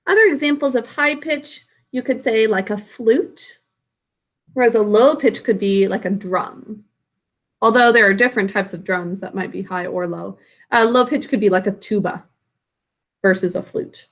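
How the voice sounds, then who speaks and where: A woman's voice: mid-range voice, moderate pace. A woman teacher explaining a science lesson in a casual, self-correcting way to young students. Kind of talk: recorded classroom lesson.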